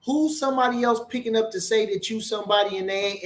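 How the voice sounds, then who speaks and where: High-voiced swearing boxing talker. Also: male voice, fast talker, hardly any pauses. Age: older. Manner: swearing, rambling, emphatic, reads chat aloud. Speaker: boxing channel host. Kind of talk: casual live-stream commentary.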